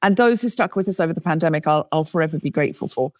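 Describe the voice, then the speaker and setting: Woman guest, British accent with a faint Australian trace, lively and self-mocking, lowish voice, dry close sound. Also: rapid-fire, no room sound. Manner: animated, self-deprecating, chatty. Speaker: comedian and podcast host, guest. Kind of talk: casual interview talk.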